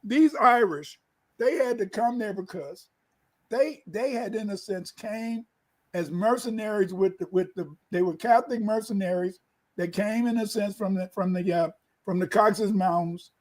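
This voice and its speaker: A man's voice: high voice, normal speed, poor audio. A man co-hosting a casual talk, emphatic and rambling, often repeating himself. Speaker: co-host.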